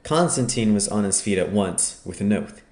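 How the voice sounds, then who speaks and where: A man with a low voice reads an audiobook in a measured, storytelling way. His voice rings in an echoey room. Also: lively intonation, a little mellow. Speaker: audiobook narrator. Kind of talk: scripted narration.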